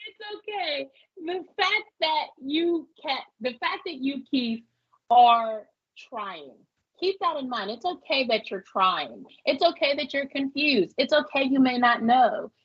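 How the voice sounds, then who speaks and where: A woman's voice: lively intonation, unhurried. A woman from Pennsylvania giving a folksy, reassuring live tarot reading, calling listeners honey and love. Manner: folksy, reassuring, laughs often. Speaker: psychic reader. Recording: muffled low-fi audio.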